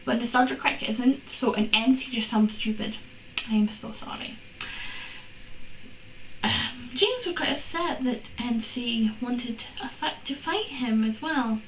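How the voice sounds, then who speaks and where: A woman reads a story aloud and keeps interrupting it with exasperated, sarcastic, foul-mouthed commentary. Her voice sits on the higher side. She sounds distant from the mic in an echoey room, with a faint hiss behind her. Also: unhurried, fairly bright tone. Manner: exasperated, sarcastic, swears and laughs. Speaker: fanfiction reader. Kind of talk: comedic dramatic reading with commentary.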